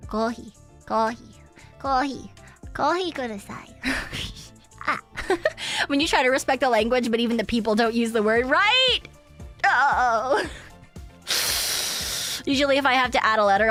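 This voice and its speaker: A woman's voice: a little high, animated, measured pace, long pauses, fairly bright tone, soft background music. A woman streamer chatting casually and rambling, laughing often and swearing now and then. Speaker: VTuber streamer. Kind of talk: casual livestream chat.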